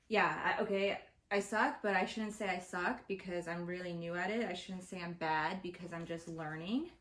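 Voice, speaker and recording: A woman's voice: fairly low pitch, fairly bright tone, echoey room. A woman hosting her own vlog, ranting in a casual, profane, exasperated way about things that annoy her. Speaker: vlogger host. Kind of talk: casual opinion rant to camera. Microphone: home recording setup.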